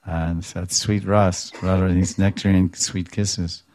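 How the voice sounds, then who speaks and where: A man giving a devotional talk, retelling scripture stories with animated voices and explaining Sanskrit terms, now and then chuckling. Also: low-pitched, unhurried, no room sound. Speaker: devotional speaker.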